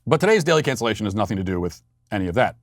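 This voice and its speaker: A man's voice: on the low side, very animated, very fast, dry recording, studio quality. A man hosting a podcast, delivering a political commentary monologue with sarcastic, mocking asides and frequent restarts. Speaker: podcast host.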